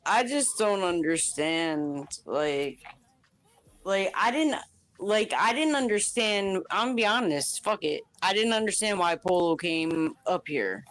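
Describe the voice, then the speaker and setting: Slow hesitant woman on a live stream, keeps restarting, dry close mic. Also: on the low side, lively intonation, a bit bright, no echo. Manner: slow, halting, restarts a lot. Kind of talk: casual live chat.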